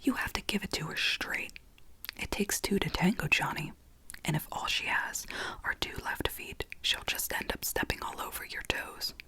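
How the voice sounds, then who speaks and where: A woman's voice: medium pitch, moderate pace, pushed and bright, breathy edge, rough recording. A woman voicing an adult man giving matter-of-fact advice, in a whispered role-play. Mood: advising.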